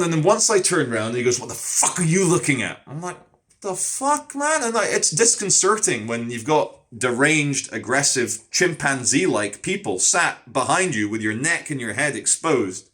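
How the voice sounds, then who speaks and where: An English man with a bright, forceful voice rattles through an animated monologue to camera. He tells street stories casually and swears as he goes. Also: a little high. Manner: animated storyteller who swears a lot. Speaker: street streamer.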